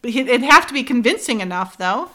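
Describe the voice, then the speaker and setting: A woman's voice: on the high side, brisk. Chatty woman retelling a TV episode. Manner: animated retelling, quoting characters with laughs. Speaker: podcast co-host. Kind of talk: casual chat recapping a TV episode.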